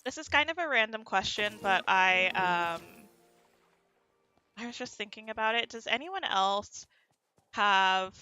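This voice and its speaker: While gaming on stream, this woman from the United States chats casually with her viewers in a neutral American accent, her lines frequently lifting upward at the end. She has a medium-pitched, sharp, clear and resonant voice with lively intonation and a measured pace. Faint music plays behind her.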